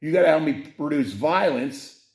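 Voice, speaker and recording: A man hosting a political podcast who swings from shouted profane rants to low, rambling mumbles. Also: animated, moderate pace. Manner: rambling, with many fillers and restarts. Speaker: podcast host.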